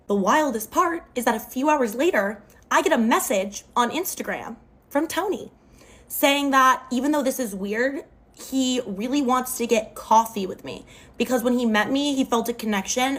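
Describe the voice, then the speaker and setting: A young woman with a somewhat high voice tells a casual storytime into her phone. Her delivery is animated and expressive, and she sprinkles "like" through her sentences. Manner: expressive, animated retelling with lots of "like".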